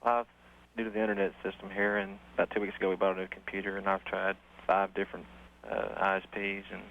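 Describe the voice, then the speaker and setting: A male caller asking a computer question, hesitant and halting. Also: low-pitched, monotone, creaky. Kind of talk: phone-in question. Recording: tinny phone line with faint hiss.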